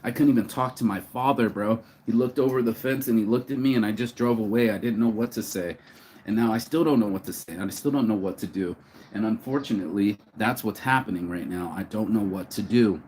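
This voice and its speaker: A man's voice: on the low side, darkish tone, a little hiss or hum. An emotional man talking outdoors in a rambling vlog monologue, restarting phrases and swearing casually. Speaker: vlogger. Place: outdoors, sitting on a bench.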